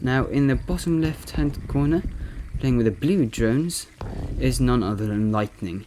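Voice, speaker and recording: Hesitant amateur game caster, as a man imitates one, mid-pitched, faint background noise. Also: unhurried, lightly acted. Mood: upbeat commentary. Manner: hesitant, full of fillers and self-corrections. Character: impression of a male video game caster. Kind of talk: game replay commentary.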